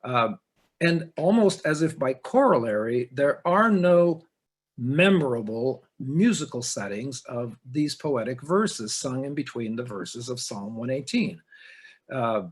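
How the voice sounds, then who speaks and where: A middle-aged man delivers a measured webinar lecture on sacred music, pausing often to find his words. His voice is a little husky and his pace unhurried, heard through a computer microphone on a video call. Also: medium pitch, animated. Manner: measured, explanatory, frequent "uh" hesitations.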